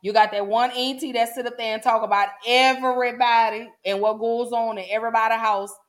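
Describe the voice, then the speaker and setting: A woman's voice: fairly high pitch, steady tone, a little fast. A woman hosting a casual solo podcast, chatting folksily with her listeners. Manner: chatty, folksy, addresses listeners as y'all and baby. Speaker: podcast host.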